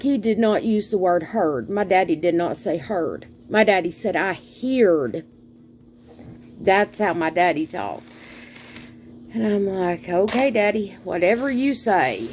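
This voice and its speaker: Southern woman vlogger, middle-aged, slow and rambling, faint background hum. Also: fairly low pitch, a little mellow. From American South. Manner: slow, folksy, rambling with fillers and sighs. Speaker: cooking vlogger. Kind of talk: casual cooking chat.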